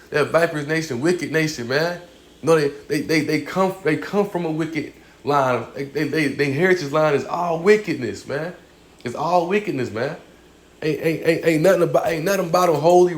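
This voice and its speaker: A man teaching scripture in a casual, informal way, often adding "man", stammering on repeated words and slowing down to read verses aloud. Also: on the high side. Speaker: religious speaker.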